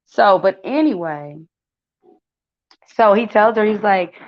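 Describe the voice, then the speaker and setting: A woman's voice: medium pitch, expressive, takes it slowly. Chatty woman spilling celebrity gossip. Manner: chatty, addresses viewers as y'all, many fillers. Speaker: gossip channel host. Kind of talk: casual celebrity gossip commentary. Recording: dull lo-fi sound.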